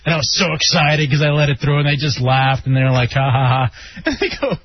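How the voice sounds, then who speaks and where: A man's voice: fairly high pitch, fast, highs cut off, a little hiss or hum. A man hosting a casual radio talk show, telling stories in a laid-back, jokey way. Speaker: radio host.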